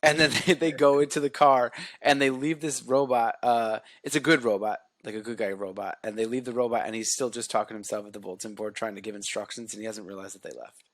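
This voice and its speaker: Male podcast co-host, mid pitch, dry booth sound, relaxed plot recap with quoted lines. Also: fast talker, few pauses, dry recording. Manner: retells scenes, acting out quotes. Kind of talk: casual movie recap chat.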